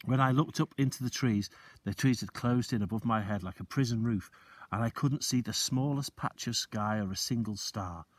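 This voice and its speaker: A male teacher reading a children's book aloud, expressive and slowing down for suspense. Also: mid-range voice, dry recording.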